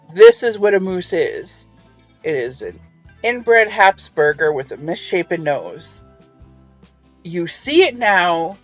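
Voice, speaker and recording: A woman's voice: medium pitch, lo-fi sound. A woman hosting a casual book review, musing over passages with wry, chatty asides. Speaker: book reviewer and podcast host.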